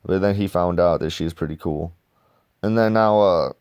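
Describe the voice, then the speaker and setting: Slangy, rambling man with a smooth voice. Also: low voice, normal speed, a little mellow, no echo, studio quality. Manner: slangy, rambling, says dude a lot; swearing freely. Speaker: comic reviewer. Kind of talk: casual comic review chat.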